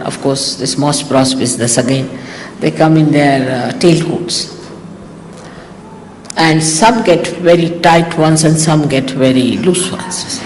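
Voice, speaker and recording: Older Indian woman teacher in an echoey hall. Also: fairly low pitch. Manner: teasing, animated, acts out quoted exchanges. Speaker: spiritual teacher. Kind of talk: informal talk to followers. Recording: echoey hall, faint hiss, old archive tape.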